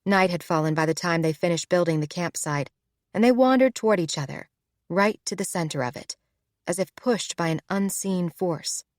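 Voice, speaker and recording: A woman narrating a romance audiobook in a smooth, measured reading. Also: fairly low pitch, dry recording, studio quality. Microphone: close studio mic.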